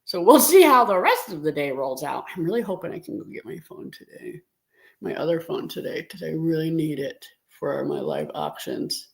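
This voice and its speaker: A woman's voice: sits low, sing-song, moderate pace, gravelly. A middle-aged woman hosting a casual live stream and talking directly to her viewers in a chatty way. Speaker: live-stream host and reseller.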